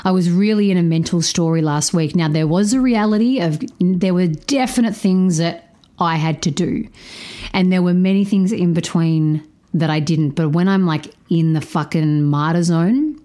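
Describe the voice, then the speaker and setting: Frank, swearing woman, low voice. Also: moderate pace. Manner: animated, changes pace often. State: low on energy. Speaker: podcast host. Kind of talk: candid personal storytelling.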